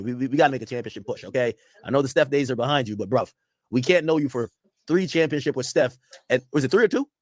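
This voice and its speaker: A man's voice: mid-range voice, no room sound. A young man streaming a casual reaction, rambling and swearing freely as he riffs to his chat. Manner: animated, profane, rambling banter with chat.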